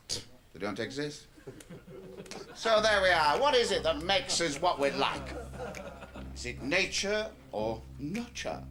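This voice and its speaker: A cynical, middle-aged stand-up comic in a radio play. His voice is bright and forward, and it jumps wildly through its pitch range. He talks in a chatty, lecturing way. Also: full character voice. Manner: chatty, lecturing, shifts into a club comedy routine. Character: aging male stand-up comic, cynical and wheedling. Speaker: comedian.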